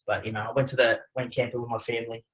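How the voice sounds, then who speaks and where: A man's voice: mid-range voice, level tone, rapid-fire, poor audio. A man with an Australian accent, presenting a webinar and telling a personal story in a conversational way, with many fillers. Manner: conversational, frequent "you know" fillers.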